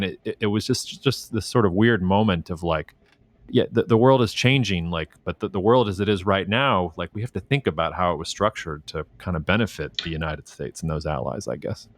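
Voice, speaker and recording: A man hosting a podcast, talking in a relaxed, thoughtful way and trailing off as he thinks aloud. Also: on the low side, a little fast. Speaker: podcast host. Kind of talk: casual podcast conversation.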